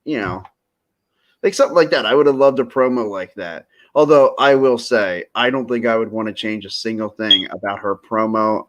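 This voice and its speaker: A man's voice: medium pitch, fairly bright tone. Guy rambling about wrestling on a podcast, jokey, keeps restarting his sentences. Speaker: podcast co-host. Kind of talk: casual wrestling chat.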